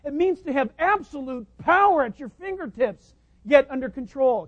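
A man preaching a sermon, stressing key lines with sudden high leaps and dropping into chatty asides. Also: expressive, normal speed, no room sound, lo-fi sound. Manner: emphatic preaching, voice leaping high on key phrases. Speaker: pastor.

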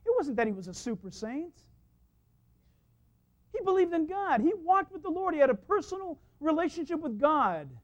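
A man preaching a sermon as the church's pastor, telling stories in a lively way and laughing at his own anecdotes, recorded in a church. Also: very high-pitched, normal speed. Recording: dull lo-fi sound.

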